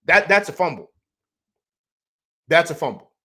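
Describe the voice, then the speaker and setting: A man hosting a postgame football show rants about the game in a heated, rambling way, tripping over repeated words. His voice sits a bit high for a man and swings up and down a lot as he talks. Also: sing-song, measured pace, pushed and bright, husky. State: upset after a loss. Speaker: sports show host. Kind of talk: emotional postgame sports rant.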